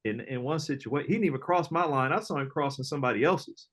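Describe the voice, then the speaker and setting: A middle-aged man, an entrepreneur guest, telling casual stories in an animated, slangy way, often acting out other people's lines. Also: medium pitch, quick pace. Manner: animated storyteller, slangy, acts out quoted voices, laughs often. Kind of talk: casual storytelling interview.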